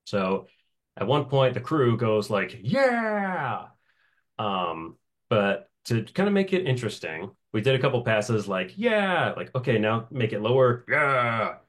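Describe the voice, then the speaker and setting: A relaxed male voice actor with a slightly low voice, chatting through an interview. He breaks into laughter often and keeps his telling loose and animated. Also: normal speed. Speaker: voice actor guest. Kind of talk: casual interview storytelling.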